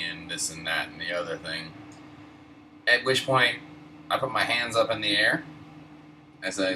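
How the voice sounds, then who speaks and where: A man telling a story in a laid-back, profane, wry way while high. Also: expressive, moderate pace, pauses often. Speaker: host. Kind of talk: casual storytelling. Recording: distant mic, air-conditioner hum.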